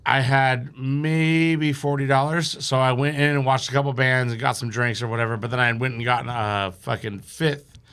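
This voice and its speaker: Gravelly guy rambling thru a wild story on a podcast, swearing a lot. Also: mid-range voice, steady tone, normal speed, a bit bright. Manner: rambling, profane, laughing through the story. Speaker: podcast guest. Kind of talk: casual storytelling.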